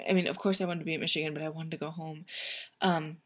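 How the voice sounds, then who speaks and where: A woman's voice: deep voice, fast talker. A young woman telling a personal story casually, rambling with many fillers and restarts.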